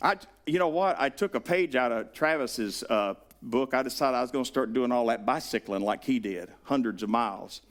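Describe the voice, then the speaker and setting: A man with a Southern US accent preaching a sermon, animated, acting out the voices he quotes. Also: medium pitch, moderate pace, few pauses. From Southern United States. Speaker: pastor.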